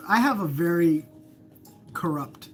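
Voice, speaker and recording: A man's voice: on the high side, lively intonation, unhurried, over music. A man hosting a casual live stream from home, teasing his guest and laughing often.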